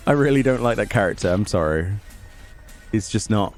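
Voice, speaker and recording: A man chats through a game in a relaxed, sarcastic way, muttering complaints at characters on screen. His voice sits fairly low yet swings widely in pitch. Game music plays clearly underneath him. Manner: sarcastic, grumbling asides. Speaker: gaming YouTuber. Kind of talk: casual let's play commentary.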